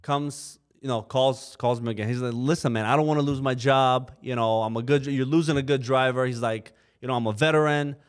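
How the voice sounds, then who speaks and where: A man of middle pitch telling stories on a podcast in an easy, casual way. He acts out the people he quotes and fills his speech with "you know" and "like". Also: fairly even intonation, a little fast, few pauses, clear, resonant tone. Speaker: trucking company co-owner, podcast guest. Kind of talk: casual storytelling. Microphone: podcast microphone.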